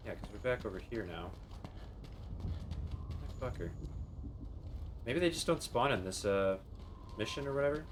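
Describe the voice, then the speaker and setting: A man's voice: lowish voice, lively intonation, moderate pace, long pauses, noisy background. A young man streaming a video game, muttering to himself, swearing often and talking to the creatures on screen. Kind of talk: casual gameplay commentary.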